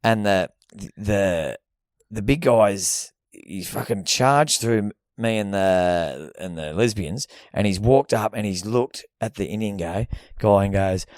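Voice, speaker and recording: A man's voice: fairly low pitch, takes it slowly, a little mellow, no echo, studio quality. A young Australian man co-hosting a podcast, telling a long rambling story in casual chat, swearing freely and acting out the people in it. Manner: rambling, swears freely, acts out voices in his stories. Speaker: podcast co-host.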